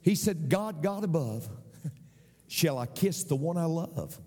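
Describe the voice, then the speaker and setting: Male pastor, slow and animated sermon delivery, big echoing hall. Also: fairly high pitch. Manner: preaching with call-and-response "Amen?" and repeated phrases.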